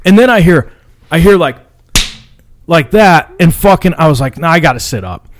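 A man's voice: fairly high pitch, expressive, moderate pace, slight background noise. A man casually telling a long, profane story among friends, with many stammered restarts and laughs along the way. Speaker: podcast co-host telling a story.

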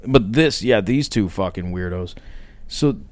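A man co-hosting a podcast in crude, casual banter, swearing freely and boasting as he mocks others. His pitch swings widely as he talks, and the sound is dry and close with no room in it. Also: animated, measured pace, darkish tone, no echo. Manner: profane, boastful, mocking. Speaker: podcast co-host.

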